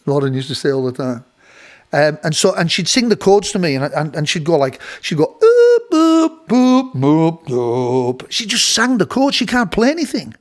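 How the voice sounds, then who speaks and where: A middle-aged male host tells a rambling studio story, restarting often and laughing through playful impressions of other voices. His voice sits a little high and a bit bright, and he talks fairly quickly with animation.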